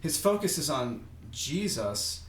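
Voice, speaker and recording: A man's voice: a little high, sing-song, takes it slowly, roomy sound, a little hiss or hum. A man teaching ancient Greek on a podcast, explaining patiently with frequent hesitations and restarts. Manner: thoughtful, hesitant, restarts mid-sentence.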